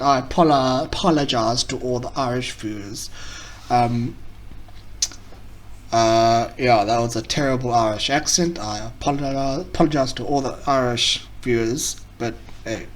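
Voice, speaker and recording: A man's voice: medium pitch, a little slow, far from the mic. A man hosting a casual reaction video, rambling, correcting himself mid-sentence and mocking what he reacts to.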